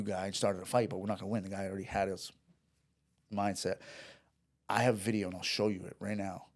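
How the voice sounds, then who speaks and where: A man telling a story in a casual chat, rambling and profane, with restarts and acted-out dialogue. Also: on the low side. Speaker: podcast guest.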